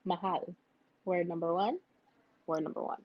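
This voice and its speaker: A woman's voice: lowish voice, fairly even intonation, moderate pace, dry recording, highs cut off. A woman co-hosting a casual video call chat, eagerly repeating new words back as she learns them. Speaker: co-host learning Tagalog words. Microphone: video call with a lagging connection.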